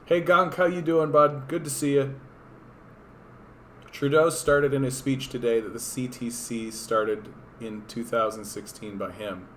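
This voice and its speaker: A man talks politics on a casual livestream in a hoarse, worn voice. His pitch sits in the middle range, and his delivery wanders, full of sarcasm and the odd curse. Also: fairly even intonation, measured pace, a bit bright, a little hiss or hum. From Canada. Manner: sarcastic, rambling, profane. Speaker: political streamer.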